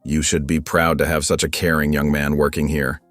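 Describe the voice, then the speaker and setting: A man voicing a gentle older woman at a diner, with a note of steel. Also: very deep voice, level tone, moderate pace, no room sound, soft background music. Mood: firm.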